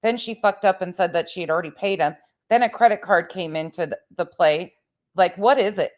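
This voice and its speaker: A woman's voice: lowish voice, a little fast. A woman hosting a live stream, talking bluntly and pressing questions about a case. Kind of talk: casual live stream commentary.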